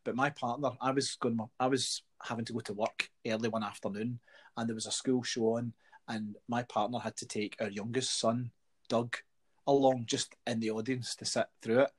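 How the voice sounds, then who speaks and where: A middle-aged man with a Scottish accent tells wry, swear-laden stories in an easy chat. His voice has a husky edge and sits at an ordinary pitch. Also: little pitch movement, moderate pace. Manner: wry storytelling, swears freely. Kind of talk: casual chat.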